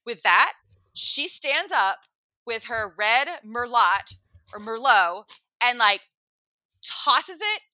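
A woman casually telling a comic story in an animated, rambling way, full of "like" and acted-out quotes. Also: on the high side, slow, long pauses, no echo.

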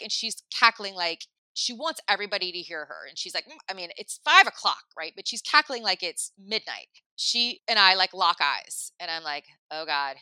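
A woman in her thirties telling a long story in casual chat, full of "like" and animated asides. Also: medium pitch, no room sound. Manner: chatty, lots of "like", animated asides. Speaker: podcast host telling a story.

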